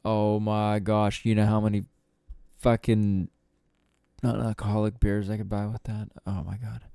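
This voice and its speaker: A man rambling through a casual solo podcast, with a lowish, mellow voice. He swears freely and trails through fillers. The recording is close and dry. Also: flat delivery, unhurried, creaky, smooth, no room sound. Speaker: podcast host.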